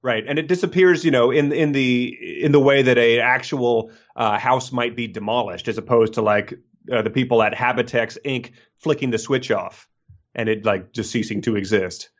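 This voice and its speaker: A man co-hosting a casual book-discussion podcast, wandering through tangents with jokes and frequent laughter. His pitch sits in a middle range for a man. The recording sounds slightly dull and lo-fi. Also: moderate pace. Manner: rambling, jokey, laughs often. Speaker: podcast co-host.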